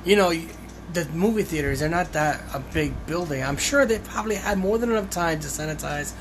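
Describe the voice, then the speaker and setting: A man in a casual group podcast chat, emphatic and filling pauses with "you know". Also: fairly high pitch, noisy background. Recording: loud music under the voice.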